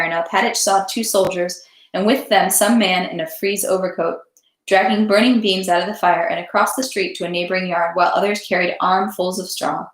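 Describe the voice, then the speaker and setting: A woman reading a classic novel aloud in a steady voice, then chatting casually about the story. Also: fairly low pitch. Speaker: read-aloud host. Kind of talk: literary narration, then casual chat. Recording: roomy echo.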